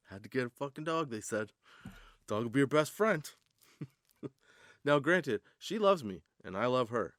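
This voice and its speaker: A man's voice: mid-range voice, very animated, a little slow, pauses often, a bit bright, dry recording, studio quality. Rambling, profane man hosting a podcast. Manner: casual, profane, rambling stoner banter. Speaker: podcast host. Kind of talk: comedic stand-up style monologue.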